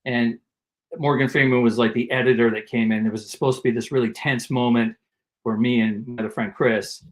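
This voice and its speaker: A man's voice: mid-range voice, brisk. Man telling stories in a casual interview. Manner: animated anecdote teller who acts out quotes. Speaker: guest actor, comedian and voice actor.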